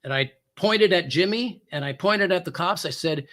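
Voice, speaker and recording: A man's voice: high voice, lively intonation, normal speed, few pauses, fairly bright tone. A former police officer telling a personal story as a talk show guest, acting out the quoted lines with big jumps in his voice.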